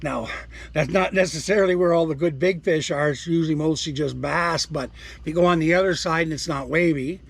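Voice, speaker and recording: A vlogger in his sixties rambles to viewers in a casual outdoor vlog, chatting to the animals around his campsite. His mid-range voice is gravelly and husky, with slight background noise.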